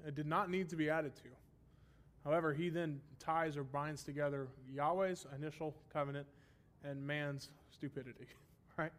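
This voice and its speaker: A man's voice: a little high, fairly even intonation, moderate pace. A man teaching a Bible lesson in a sermon style, explaining step by step and often checking in with a rhetorical "right?". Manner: stresses repeated phrases for emphasis.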